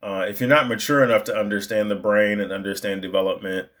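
A man's voice: lowish voice, steady tone, quick pace, a bit bright. A man talks in a loose, conversational monologue, leaning hard on his points. He fills the gaps with plenty of likes and you knows. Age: adult. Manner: conversational, emphatic, lots of fillers. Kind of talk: casual monologue.

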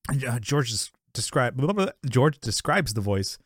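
A man's voice: medium pitch, sing-song, normal speed, slightly rough, no echo, studio quality. A man co-hosting a podcast, chatting casually and rambling through a TV episode recap, with lots of "you know" fillers and frequent laughs. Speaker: podcast co-host.

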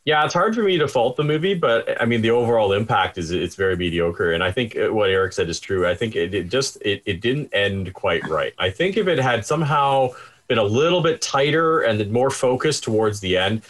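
A man's voice: on the low side, animated, fairly quick, a bit bright. A man talking casually as a podcast co-host, thoughtful and hesitant, often restarting his sentences. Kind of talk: casual chat.

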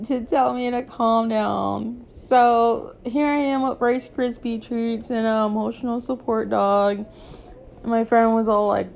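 A woman's voice: mid-range voice, fairly even intonation, normal speed, creaky, a little mellow. A young woman vlogger telling a rambling casual story, filling her talk with "like". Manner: rambling, peppered with "like".

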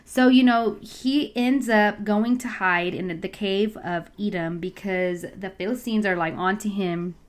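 A young woman casually retelling a Bible story in her own words, chatty and animated, slipping into slang and acted-out voices. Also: medium pitch, measured pace, hardly any pauses.

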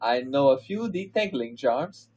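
A man voicing an elegant young French woman with a high falsetto and a put-on French lilt, as part of a comedic podcast reading. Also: animated, a little slow, darkish tone, breathy edge. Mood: gushing.

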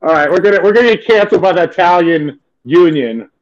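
A man talks in a loose, profane ramble, packed with filler words. His voice sits high for a man. The recording sounds dull and lo-fi. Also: lively intonation, quick pace. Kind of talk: crude comedic casual chat.

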